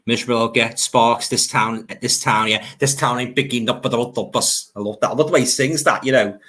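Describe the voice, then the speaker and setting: An older man chats loosely on his live stream. He talks at a mid pitch in an easygoing, nostalgic way and laughs often as he reads out comments. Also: fairly even intonation, brisk, a bit bright. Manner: chatty, nostalgic, laughs easily. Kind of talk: casual chat reading viewer comments.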